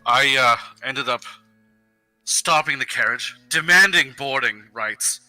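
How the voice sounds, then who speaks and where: A man as a deadpan bright-voiced noble. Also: medium pitch, slow pace, no echo, soft background music, low-quality recording. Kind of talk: improvised tall-tale storytelling.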